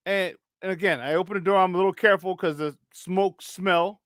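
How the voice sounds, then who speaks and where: Co-hosting a morning sports talk show, a high-voiced man tells an animated story, acting out each person he meets. He talks a little fast, swears casually and restarts his sentences a lot, and the sound is dry and close with no room around him.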